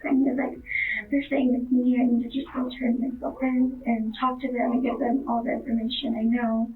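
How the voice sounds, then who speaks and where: Heard on a distant, tinny recording that sounds like a phone, a woman in her twenties gives a police interview as a witness. Her fairly high, level voice moves fairly quickly, hesitant and rambling with many fillers.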